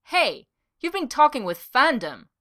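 A woman's voice: mid-range voice, lively intonation, normal speed, fairly bright tone, close to an everyday voice. A woman reading aloud and voicing a jealous, exasperated young office worker who snaps his lines. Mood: indignant. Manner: exasperated, snappish.

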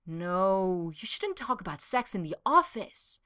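A bouncy, naive young office man, eager and earnest in everything he says, as a woman reading a story puts him on. His voice rises brightly with each line. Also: mid-range voice, very animated, unhurried.

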